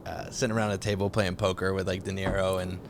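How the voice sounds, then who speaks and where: A young man with a low-pitched voice talks loosely and profanely, recounting film scenes with animated energy. A faint rumble sits under the recording. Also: quick pace. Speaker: podcast co-host. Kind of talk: casual chat.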